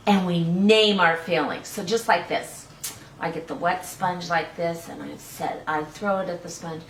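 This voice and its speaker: A woman hosting a children's storytime, who talks straight to the kids in a gentle, coaxing way and keeps asking them questions. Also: lowish voice, measured pace, distant mic, slight background noise. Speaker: storytime host reading to young children. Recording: echoey room, voice from off the mic.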